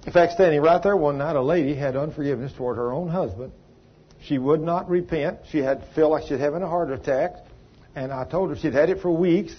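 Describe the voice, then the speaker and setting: Folksy preacher, husky, slightly high voice, emphatic, dull lo-fi tape. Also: male voice. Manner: folksy and emphatic, with sudden exclamations. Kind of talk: sermon with storytelling.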